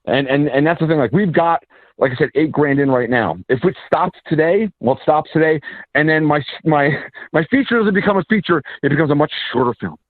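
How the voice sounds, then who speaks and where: A man, an independent filmmaker and actor, telling stories in a casual interview with quick asides and restarts. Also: on the high side, dry recording. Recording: tinny phone-line sound.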